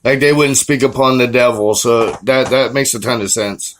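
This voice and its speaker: A man's voice: mid-range voice, fairly even intonation, normal speed, fairly bright tone, slight background noise, rough recording. A man hosting a podcast in casual chat, easygoing and joking. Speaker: podcast host.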